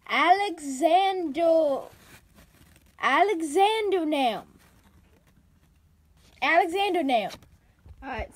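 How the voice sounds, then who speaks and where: A woman's voice: high-pitched, darkish tone, husky. A woman reading out written feedback in a dry, sarcastic comedy vlog, sounding out misspelled words. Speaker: comedy vlogger.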